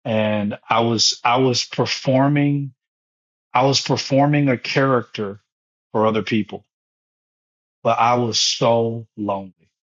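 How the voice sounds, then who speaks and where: A man's voice: mid-range voice, steady tone, unhurried, pauses often, muffled recording. A man in his thirties, a former pastor, telling his own story with emotion and repetition in an interview. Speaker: guest, foundation founder and former pastor.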